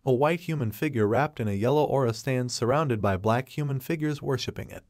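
A man reading a scripted story recap in a steady, even narration. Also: mid-range voice, a little fast, no room sound, clean studio sound.

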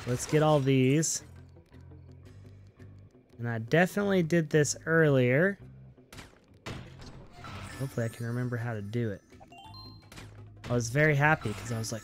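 A man's voice: mid-range voice, normal speed, long pauses, soft background music. A man hosting a gaming channel, giving upbeat, chatty let's-play commentary and talking playfully to his viewers.

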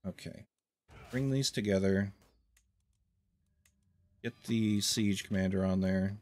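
A man's voice: fairly low pitch, slow pace, darkish tone. A man hosting a strategy game let's play, making wry, rambling commentary full of fillers and asides. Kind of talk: casual gameplay commentary.

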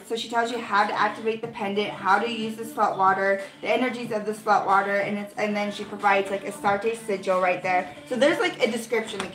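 A young adult woman vlogger chatting casually through an unboxing, gushing and excitable, with lots of 'like' fillers. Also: medium pitch. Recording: roomy echo with faint music.

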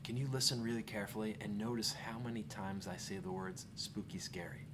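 A man, an elementary music teacher, giving a playful, dramatic, hushed lesson to children in a whisper. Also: on the low side, steady tone, fast, hardly any pauses, very noisy. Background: loud instrumental music.

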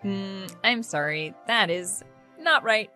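A woman in her thirties co-hosting a sports podcast, chatting casually with playful, quick banter. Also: mid-range voice, expressive, over loud music. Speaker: co-host.

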